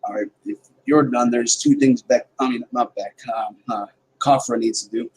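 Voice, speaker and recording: A man's voice: mid-range voice, steady tone, moderate pace, slightly rough, poor audio. A man at a tabletop game, matter-of-factly laying out what his character will do next. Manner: matter-of-fact, laying out plans. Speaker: player.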